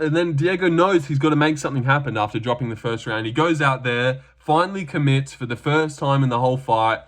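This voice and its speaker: A young Australian man breaks down fight predictions in loose, rambling chat, peppered with fillers. His pitch sits mid-range for a man. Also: fairly quick, few pauses, fairly bright tone. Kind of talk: casual fight prediction commentary.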